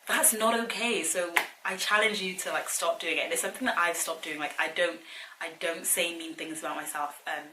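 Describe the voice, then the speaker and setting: Young woman vlogging, chatty and earnest, lowish bright voice, bit of room echo. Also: fairly even intonation, brisk, background noise. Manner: chatty, earnest, challenging the viewer. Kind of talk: casual advice vlog. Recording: echoey room.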